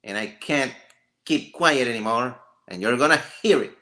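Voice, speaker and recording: A man's voice: medium pitch, animated, normal speed, pushed and bright. A man hosting a casual live stream, joking and ranting with frequent laughter. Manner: laughs often, jokey and rambling.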